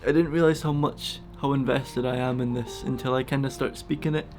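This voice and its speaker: A man talking casually and emotionally in a vlog, soft and halting, close to tears. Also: mid-range voice, fairly even intonation, faint music behind. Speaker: vlogger feeding a wild bird. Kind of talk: casual heartfelt vlog talk.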